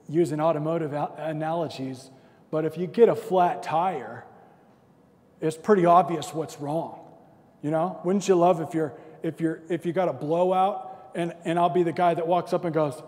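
Man, thirties, pastor, sermon, conversational, slightly high voice, long hall reverb. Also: fairly even intonation, normal speed, darkish tone. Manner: conversational and self-deprecating, with acted-out stories.

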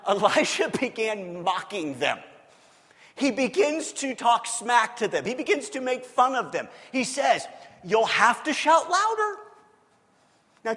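A man preaching a sermon, telling a Bible story in an animated, joking way and acting out the quotes. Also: high voice. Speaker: pastor. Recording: long hall reverb.

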